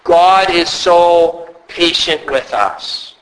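Guy preaching a sermon, kinda high and sharp voice, earnest, tells little stories. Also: a little hiss or hum, rough recording. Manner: earnest, measured preaching with storytelling asides. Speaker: pastor.

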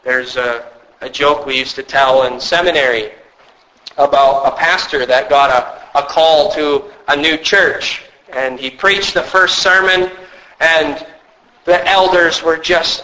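Male pastor, sermon delivery, earnest and measured, slightly raised pitch. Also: steady tone, sharp tone, rough recording. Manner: earnest, measured preaching with storytelling asides.

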